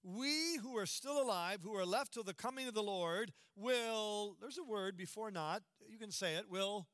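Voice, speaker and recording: A middle-aged man preaches with a high, bright, ringing voice. He leans hard on key words and keeps asking the congregation questions. The sound is dry and close. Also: moderate pace, no echo. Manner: emphatic, asks the congregation rhetorical questions. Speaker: pastor. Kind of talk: sermon.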